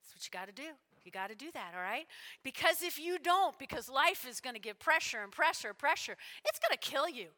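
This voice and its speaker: A woman preaching a sermon in a church, animated and repetitive, often checking in with her listeners. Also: sits high, a little fast. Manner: animated, repeats lines, checks in with "all right?". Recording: long hall reverb.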